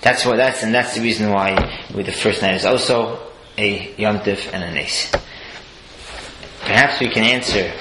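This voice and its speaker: A man giving a sermon-style Torah talk, telling stories lively swings between high exclaims and low murmurs. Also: moderate pace. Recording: echoey room with faint noise.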